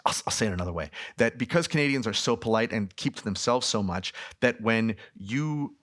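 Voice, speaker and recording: A man in his thirties, a film director answering questions at a festival talk, telling lively stories and acting out the people in them. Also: fairly low pitch, a little fast. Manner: animated storytelling, frequent laughs, acts out quoted people.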